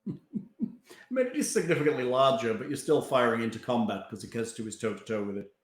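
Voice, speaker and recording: A man's voice: medium pitch, a little fast. A man running a tabletop game as game master, handing out rulings with jokes. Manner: lively, jokey rulings. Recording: roomy echo.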